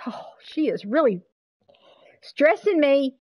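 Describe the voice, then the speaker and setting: A woman streaming a game live, chatting casually with viewers, excitable and swearing freely. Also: high voice, measured pace, rough recording.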